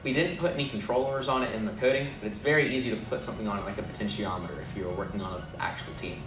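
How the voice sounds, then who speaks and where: A man casually walking through how his team's robot works, in a self-deprecating, relaxed way. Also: on the low side, rapid-fire. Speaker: robotics team member. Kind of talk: casual technical walkthrough. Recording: echoey room, mic far off, music behind.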